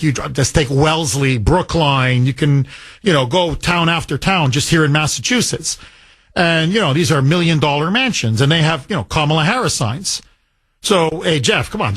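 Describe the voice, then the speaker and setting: Husky radio host. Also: male voice, fairly high pitch, fairly bright tone. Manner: rambling, emphatic, frequent fillers and restarts. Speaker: radio talk show host. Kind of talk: talk radio monologue and caller exchange.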